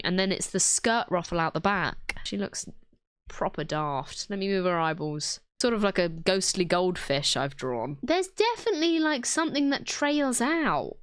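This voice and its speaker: A woman's voice: mid-range voice, no echo, studio quality. A young British woman at home giving casual, self-mocking commentary while she draws, thinking aloud and giggling. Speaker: drawing video creator.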